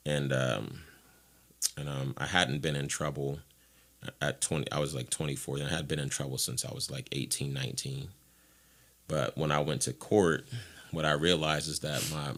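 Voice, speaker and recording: A man from Ohio with an extremely low, deep voice tells his own story as a podcast guest. He talks frankly and rambles, and he slips into voicing the people in the story. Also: a bit bright. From Ohio, USA. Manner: frank, rambling, acts out what others said. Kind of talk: candid personal storytelling.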